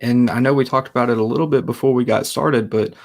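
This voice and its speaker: A man in the middle of the male pitch range hosts a relaxed interview. He talks in an easygoing way and laughs along with his guest. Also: fast talker. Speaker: interviewer, host. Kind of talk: casual interview chat.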